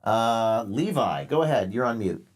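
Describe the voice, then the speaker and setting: Male call-in host, sarcastic mock-earnest lecturing tone, mid pitch. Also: very animated, a little slow. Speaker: show host taking calls. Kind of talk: live call-in show.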